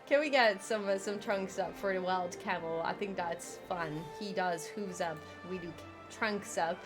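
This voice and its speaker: A woman's voice: mid-range voice, slow, over music. A woman streaming a zoo-building game live, chatting, exclaiming in frustration, laughing and thanking viewers by name. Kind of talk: live gameplay stream chat.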